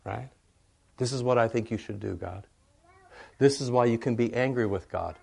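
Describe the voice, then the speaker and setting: An older male pastor giving a folksy, rambling sermon, often checking in with the congregation with a quick "right?". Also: mid-range voice, creaky, darkish tone. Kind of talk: conversational sermon.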